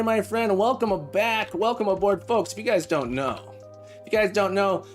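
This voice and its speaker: Upbeat chatty man streaming live. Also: sits high. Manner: chatty and upbeat, reads and welcomes chat viewers; rambling, with many restarts. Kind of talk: casual live-stream chat. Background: faint background music.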